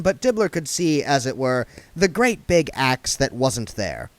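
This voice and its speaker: A man reading a novel aloud as narrator, expressive and switching into character voices. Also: mid-range voice, measured pace, few pauses, dry recording.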